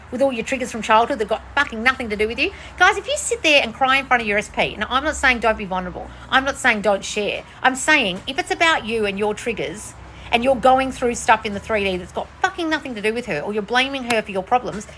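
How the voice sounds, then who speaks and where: Woman coach, livestream Q&A, blunt and profane, very lively pitch, faint outdoor ambience behind. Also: slight background noise. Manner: blunt, profane, swings between shrill bursts and low mutters. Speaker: manifestation coach answering viewer questions. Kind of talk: casual livestream Q&A.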